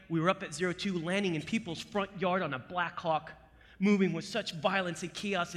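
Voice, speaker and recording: Speaking in a high voice, a US military veteran animatedly recounts his story before a live crowd. He alternates quiet asides with sudden loud outbursts, all ringing through a hall with long, echoing reverb.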